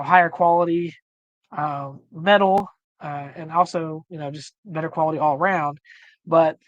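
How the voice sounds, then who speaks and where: A man co-hosting a casual livestream chat, rambling with many fillers and restarts while slowly losing his voice. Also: fairly high pitch, dry recording. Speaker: livestream co-host.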